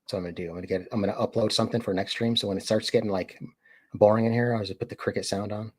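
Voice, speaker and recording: A man's voice: fairly low pitch, steady tone, racing, darkish tone, slightly rough. A man hosting a casual live stream, talking to chat in a rambling way, full of fillers and acted-out quotes. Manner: rambling, filler-heavy, acts out quoted voices.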